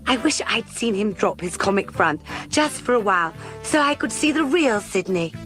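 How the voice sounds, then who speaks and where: A woman's voice: mid-range voice, animated, moderate pace, a bit bright, soft background music, close to an everyday voice. An actress playing a prim, well-spoken young woman on a dating show, politely complaining about her date. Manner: polite, prissy disapproval.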